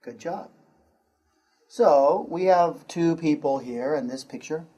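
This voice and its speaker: Slow, deliberate American English teacher. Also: male voice, on the high side, mellow, husky. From United States. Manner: slow, deliberate, repeats words for learners. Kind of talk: pronunciation lesson.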